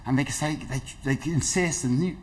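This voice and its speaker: A man's voice: medium pitch, brisk. A middle-aged man giving a dementia awareness talk, telling stories and acting out the people in them. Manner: lively storytelling, acts out quoted voices. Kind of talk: health talk to an audience.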